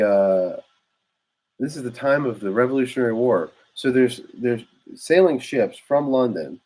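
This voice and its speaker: A man's voice: mid-range voice, darkish tone. A man giving a rambling, casual history explainer, full of fillers and restarts, recorded indoors on a microphone. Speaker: history vlogger. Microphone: new desk microphone.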